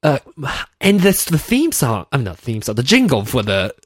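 A chatty man with a Malaysian English accent, tinged with British, talks through a solo podcast in a lively, up-and-down voice. He rambles, restarts and corrects himself often. The sound is dry and close, with no room around it. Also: medium pitch, moderate pace, no echo. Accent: Malaysian English with a slight British touch. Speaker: podcast host. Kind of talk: casual solo podcast chat.

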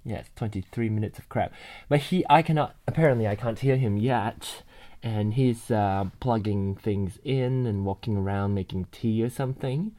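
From bed in his bedroom, a man with a lowish, warm voice talks at normal speed, rambling live into a computer's binaural mic while laughing a lot and swearing casually.

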